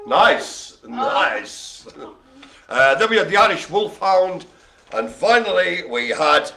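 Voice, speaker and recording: Man, bingo caller host, playful and teasing, animated pitch, crisp and forceful tone. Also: takes it slowly. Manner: playful, teasing, theatrical asides. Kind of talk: jokey live online bingo calling.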